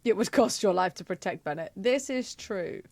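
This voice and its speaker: A woman's voice: mid-range voice, animated, normal speed, no room sound. A woman who streams games, chatting casually, laughing often and reading the game text aloud. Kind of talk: casual gameplay commentary.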